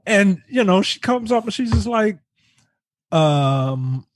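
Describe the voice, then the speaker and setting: A man's voice: high voice, sing-song, slow pace, no echo. Movie podcast guy retelling a scene, voice bounces up and down a lot, lots of uhs, dry sound. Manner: rambling recaps with hesitant fillers and acted-out quotes. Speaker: podcast co-host. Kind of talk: casual film review chat.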